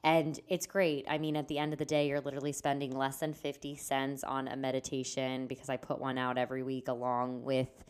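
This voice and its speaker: Woman podcast host, low and smooth voice, chatty solo talk, rambling asides. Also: level tone, brisk, hardly any pauses. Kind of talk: casual solo podcast chat.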